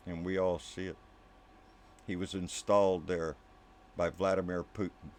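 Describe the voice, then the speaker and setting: On his political commentary channel, a male host unleashes an angry, profane rant straight to camera, repeatedly addressing the listener as "baby" and dropping into low, muttered asides. His tone stays level, his delivery runs a little slow, and he leaves long pauses.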